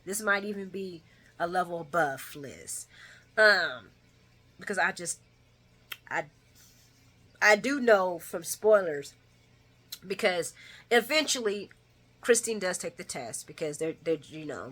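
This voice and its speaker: A woman's voice: lively intonation, measured pace, pauses often. Chatty, opinionated woman recapping a soap. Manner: opinionated and chatty, swinging between loud bursts and low asides. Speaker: soap opera recap vlogger. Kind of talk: casual recap commentary.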